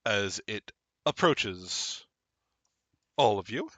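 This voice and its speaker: A man narrating a tabletop game as game master, describing scenes slowly. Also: lowish voice, big pitch swings, a bit bright, no echo.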